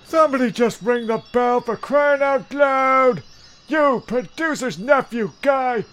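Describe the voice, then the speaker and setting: Guy doing a fed-up grouch, really high voice, yelling at everyone to hurry. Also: slow pace, exaggerated voice. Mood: exasperated. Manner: exasperated, cursing, impatient. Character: grumpy impatient male show cohost. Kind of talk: comedy radio-play acting.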